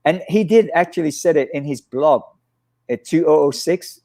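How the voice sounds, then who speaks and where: A guest stunt coordinator with a voice on the high side, talking at normal speed, animatedly acts out what others said while sharing stories in a casual interview.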